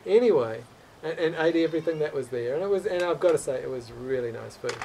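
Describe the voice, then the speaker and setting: Man, guest, personal story, earnest, emotional, stumbles and repeats words, fairly high voice, faint background noise. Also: expressive, creaky, recorded from a distance. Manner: halting, repeats words and restarts often.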